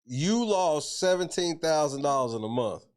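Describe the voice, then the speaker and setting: A host giving comedic commentary on a clip, incredulous, loud and profane, laughing often. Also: medium pitch, animated, normal speed.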